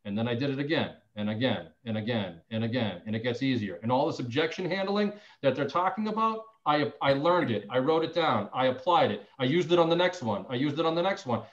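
A man's voice: mid-range voice, a little fast, few pauses. Man talking shop over a muffled call. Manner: animated, acts out both sides of phone calls. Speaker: insurance sales agent sharing call tips. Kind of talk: casual sales training talk.

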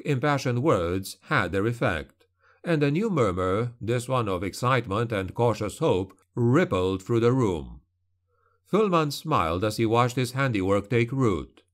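A man narrating a dark fantasy audiobook in a steady, grim, even delivery. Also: mid-range voice.

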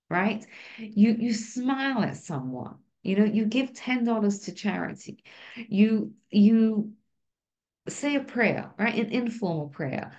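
A woman's voice: a little high, a little mellow. Woman teaching, chatty with many "right?"s. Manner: conversational, keeps asking "right?". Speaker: Torah teacher. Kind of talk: informal class talk.

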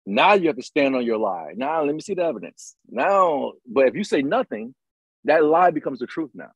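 A man's voice: medium pitch, very animated, normal speed, husky, no echo, muffled recording. A middle-aged man hosting a casual conversation, talking in an emphatic, motivational way and repeating his points. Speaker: podcast host, retired Green Beret.

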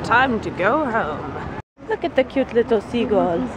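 A young woman chatting excitedly as she walks and narrates her travel vlog outdoors, recorded on a handheld camera. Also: mid-range voice, brisk, over a noisy crowd. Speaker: vlogger. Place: city streets and gardens outdoors. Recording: handheld camera outdoors with loud street noise.

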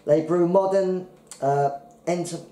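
A man co-hosting a casual beer tasting podcast, who reads the labels out haltingly and stumbles over the words. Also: sits high, fairly even intonation, dark tone, roomy sound, poor audio. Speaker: podcast co-host.

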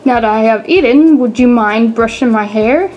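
A woman's voice: a little high, normal speed, muffled recording, soft background music, close to an everyday voice. A woman voicing a polite male house cat who speaks in rhymes.

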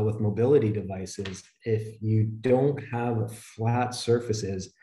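Low, mellow-voiced man presenting slides. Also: reverberant. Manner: steady explanatory delivery, conversational. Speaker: webinar presenter on flooring.

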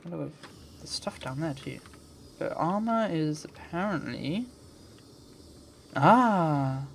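A man's voice: fairly high pitch, expressive, takes it slowly, gravelly, a little hiss or hum. A man giving let's play commentary, muttering to himself and swearing in frustrated rants. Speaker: gamer.

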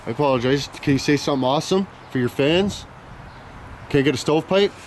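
Loud, profane joking young man. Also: fairly high pitch, fast, a little hiss or hum. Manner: loud, profane, joking banter with lots of slang. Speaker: vlogger. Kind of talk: casual rambling vlog chat.

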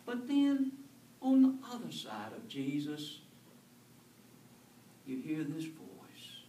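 A man's voice: on the high side, sing-song, slow pace, dark tone, a little hiss or hum. A male pastor preaching an earnest, conversational sermon, asking his congregation questions. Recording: echoey church from far off.

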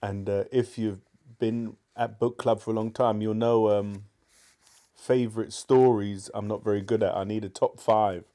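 Mellow, low-voiced male storyteller. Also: fairly even intonation, moderate pace. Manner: chatty and appreciative asides. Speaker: live-stream book club reader. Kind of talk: reading aloud live and chatting with viewers.

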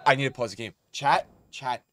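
A young man commentating his own football video game on a stream, with a sore throat, grumbling low and then bursting out loud and swearing. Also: a little fast. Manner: swings from flat grumbling to loud outbursts, swears a lot. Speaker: gaming streamer. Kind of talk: live gameplay commentary.

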